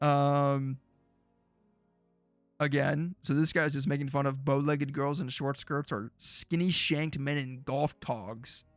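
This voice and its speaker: A man's voice: medium pitch, fairly even intonation, slow, no echo, soft background music. A man streaming casually, reacting to old predictions with jokey, sarcastic remarks.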